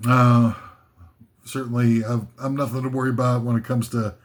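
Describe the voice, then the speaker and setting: A man's voice: mid-range voice, level tone, normal speed. A man hosting a comic list video, rambling and self-mocking as he drifts off topic.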